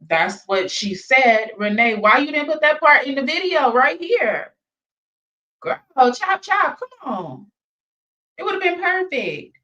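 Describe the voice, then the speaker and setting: Reaction host: woman with a higher voice, gossipy and chatty with the audience, dull lo-fi audio. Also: slow pace. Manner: talks straight to viewers, gossipy and expressive. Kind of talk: animated reaction commentary.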